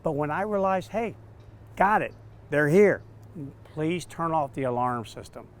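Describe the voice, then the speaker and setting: A man, a dog trainer, telling stories in an interview, animated and acting out quotes. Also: on the high side, unhurried. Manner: animated, acts out quotes with laughs. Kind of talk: storytelling interview answers.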